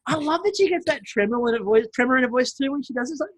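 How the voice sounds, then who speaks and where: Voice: medium pitch, brisk, no echo. A podcast co-host, chatting casually and jokingly retelling scenes from a baking show. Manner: animated, jokey, retells scenes in quoted voices. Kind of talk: casual chat.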